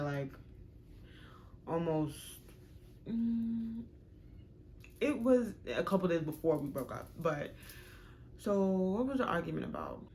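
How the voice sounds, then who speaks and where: A young woman telling a storytime on her vlog, frank, animated and profane. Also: lowish voice, a little hiss or hum. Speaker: vlogger.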